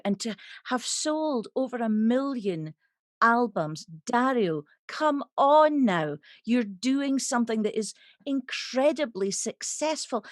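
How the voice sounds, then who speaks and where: A woman's voice: on the high side, no room sound, studio quality. A woman hosting a talk show, asking her guest questions in an effusive, chatty way. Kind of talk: interview questions.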